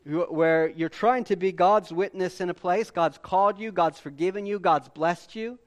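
A man preaching a sermon with animated delivery and emphatic repetition. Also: high voice, normal speed. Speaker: pastor.

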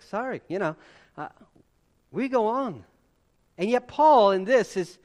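Animated, high-voiced male preacher. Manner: animated, conversational, rhetorical questions. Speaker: pastor. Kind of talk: sermon.

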